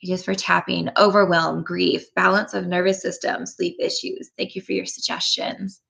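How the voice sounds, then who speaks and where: A woman hosting a live tapping session, gentle and encouraging, greeting chat viewers with frequent ums. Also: on the low side, steady tone, normal speed, gravelly, breathy edge, low-quality recording.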